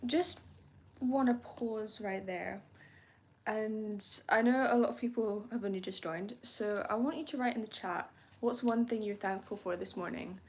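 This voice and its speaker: A woman's voice: medium pitch, unhurried. A young woman hosting a morning journaling live stream, chatty and upbeat, rambling a little with frequent laughs. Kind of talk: casual live-stream chat.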